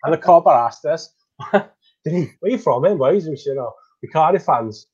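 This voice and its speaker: A man's voice: on the high side, lively intonation, normal speed, a little mellow, slightly rough, lo-fi sound. A man, a laid-back guest who often chips in to agree in casual chat.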